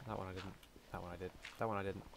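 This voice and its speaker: This gaming YouTuber, a young man, speaks very fast in a deep, gravelly, level-toned voice. His let's-play commentary is chatty, with him talking to himself and humming and muttering mid-game, over a faint hiss or hum.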